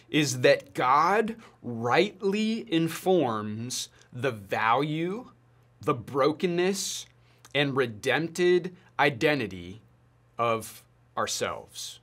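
A young man giving a sermon to students, speaking in a deliberate, measured way with pauses. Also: a little high, expressive. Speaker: youth pastor.

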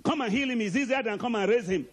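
A man's voice: very high-pitched, quick pace, husky. A male archbishop preaching a sermon emphatically and calling out to the congregation.

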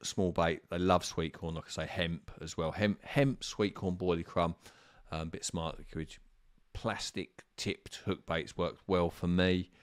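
A deep-voiced man talks through carp fishing tactics in a loose, chatty way. He wanders through his answers, pausing on ums and restarting sentences. The sound is dry and close, with no room echo. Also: steady tone. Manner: rambling, with frequent ums and restarts. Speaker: carp fishing expert answering viewer questions. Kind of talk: casual live-stream chat.

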